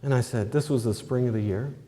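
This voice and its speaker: Man, mellow, mid-range pitch, folksy conversational storytelling. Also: a little fast. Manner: homespun, conversational, with fillers and "I says". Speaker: testimony speaker.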